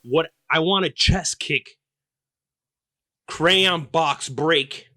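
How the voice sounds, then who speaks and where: A man hosting his podcast, telling a comedic story in a profane, exaggerated rant that keeps bursting into loud outbursts. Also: a little high, drawn-out words, no room sound, clean studio sound. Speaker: podcast host.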